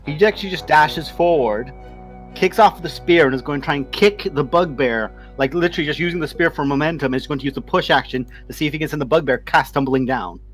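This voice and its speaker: A man's voice: fairly high pitch, soft background music. A man running a tabletop game as game master, narrating the action with lots of laughter. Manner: animated, laughing often, puts on quick creature voices.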